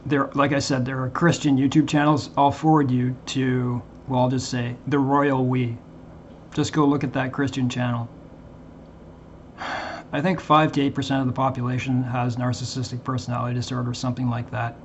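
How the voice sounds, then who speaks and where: A man talking earnestly to his viewers as a Christian channel host, in a halting way with frequent restarts. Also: mid-range voice, little pitch movement, lo-fi sound, slight background noise. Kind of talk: earnest casual monologue to viewers.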